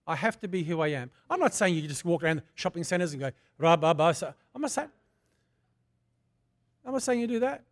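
An older man preaching a sermon, moving from prayer into a personal testimony told in a fervent, conversational way that swells to loud bursts. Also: high-pitched, big pitch swings, fairly quick, long pauses. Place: church.

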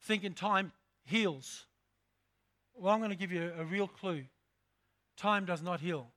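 In a slow, emphatic sermon full of repeated phrases, a pastor calls out to his flock. The man's voice is high, bright, and ringing with force.

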